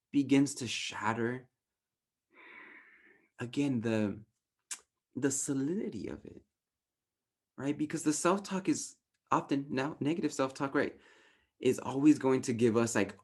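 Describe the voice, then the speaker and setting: Animated man teaching with "right?". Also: mid-range voice. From Southern California, US. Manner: animated, often ends points with a questioning "right?"; acts out inner voices in raised, playful tones. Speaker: workshop facilitator. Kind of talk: casual teaching talk to a group.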